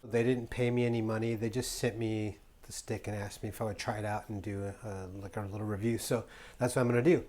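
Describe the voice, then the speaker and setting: A man's voice: on the low side, steady tone, quick pace, darkish tone. A man from the United States chatting casually to camera as a travel vlogger, rambling and playful with lots of ums and restarts. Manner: rambling and playful, with many fillers. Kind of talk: casual vlog chat.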